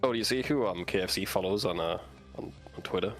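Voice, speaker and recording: Joking male co-host, low voice, casual and teasing, light music underneath. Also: fast talker, a bit bright. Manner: joking, teasing, calls people dude. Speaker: stream co-host. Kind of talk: casual chat.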